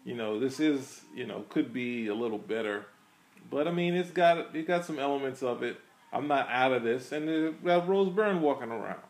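A man's voice: medium pitch, moderate pace. A man co-hosting a podcast, chatting casually about a film in a rambling, hesitant way with many restarts. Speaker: podcast co-host. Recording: echoey room.

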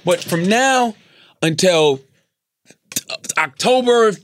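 Profane, animated man with a high voice. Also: takes it slowly, a little hiss or hum. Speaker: podcast host. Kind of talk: casual chat.

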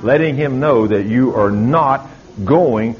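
A man's voice: takes it slowly, breathy edge, soft background music. Fervent older preacher man. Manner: fervent, pitch climbing as he exhorts. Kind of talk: sermon. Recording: slightly dull lo-fi recording.

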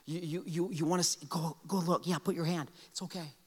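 Man acting out a gentle patient male teacher, soft, coaxing, quiet, bright tone, church hall reverb. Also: a little high, expressive, moderate pace.

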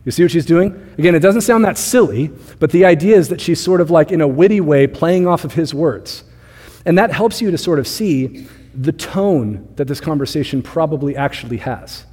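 Young pastor guy preaching, chatty and playful, kinda mellow husky voice, long church echo. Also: on the high side, normal speed. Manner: conversational, animated, playful asides. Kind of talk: sermon. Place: church sanctuary.

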